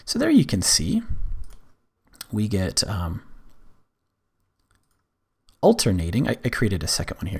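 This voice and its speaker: A man presenting a screen-recorded music software tutorial, explaining step by step in a relaxed way with frequent fillers. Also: fairly low pitch, moderate pace, creaky, long pauses, breathy edge.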